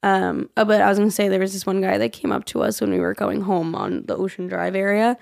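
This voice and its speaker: A young woman with a hoarse, worn-out voice tells stories on a casual podcast. Her voice has a gravelly rasp and she slips into impressions of the people she talks about. The sound is dry and close. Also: medium pitch, fast talker, a little mellow, dry recording. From New York. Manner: chatty storyteller, mimics people. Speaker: podcast co-host. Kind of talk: casual chat.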